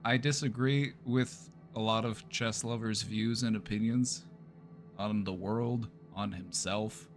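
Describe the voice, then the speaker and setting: A therapist chatting casually on a livestream, playful and easygoing, often repeating his phrases and laughing. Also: on the low side. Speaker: therapist streamer.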